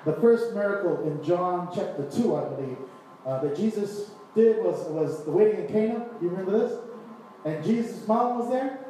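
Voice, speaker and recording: Male preacher, high, mellow voice, animated sermon, distant mic in an echoey hall. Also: normal speed, slight background noise. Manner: animated, acts out scripture scenes with voices and laughs.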